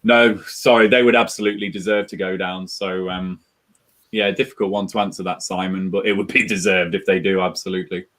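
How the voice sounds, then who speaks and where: This is a man talking through a football match on a fan watchalong. He describes the chances in a measured, detailed way, and his voice sits a little low. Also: steady tone, a bit bright. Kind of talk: casual match chat and commentary.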